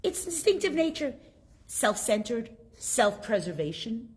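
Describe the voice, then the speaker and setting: A woman teaching a class, telling a story and asking her students questions in a lively way. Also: a little high, measured pace.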